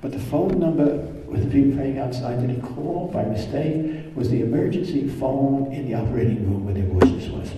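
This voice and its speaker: Earnest priest in an echoey hall. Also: male voice, medium pitch, brisk, hardly any pauses, distant mic, noisy background. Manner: earnest, with repeated phrases and restarts. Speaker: priest giving a workshop talk. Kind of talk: storytelling talk to an audience.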